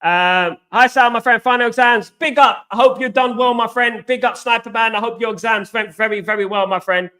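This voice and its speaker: A young man hosting a casual football live stream, greeting viewers by name and repeating himself, his voice going hoarse. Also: very high-pitched, a little fast, hardly any pauses, sharp tone. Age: young adult.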